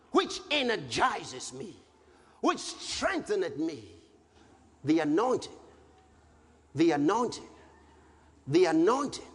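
High-pitched emphatic male preacher. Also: husky. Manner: emphatic, repetitive, bursts into shouts. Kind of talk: sermon. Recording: long hall reverb, faint background noise.

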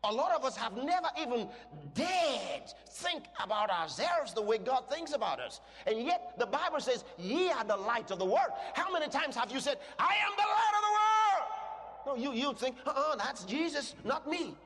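A man with a very high, lively voice preaches with fervor, dropping to calm explanation and then rising to shouted proclamations. His words ring out with a long reverb, as if filling a large hall. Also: normal speed, few pauses. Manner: emphatic, swings from quiet teaching to shouted declarations. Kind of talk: sermon.

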